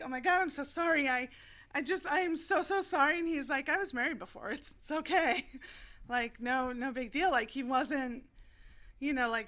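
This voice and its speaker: A woman co-hosting a casual chat, telling stories with lots of laughs and animation. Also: sits high. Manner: giggly, animated storytelling. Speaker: podcast co-host.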